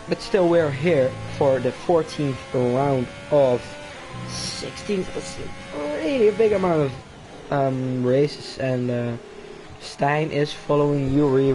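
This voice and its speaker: A man doing casual live-stream commentary on a sim racing league, rambling with many fillers and pauses. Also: mid-range voice.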